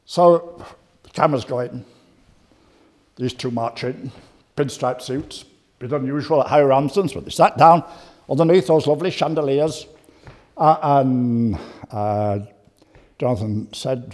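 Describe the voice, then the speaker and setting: An older man giving a humorous lecture, hesitant with many "uh"s and dry, deadpan humour. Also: medium pitch, a little slow, pauses often. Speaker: guest speaker.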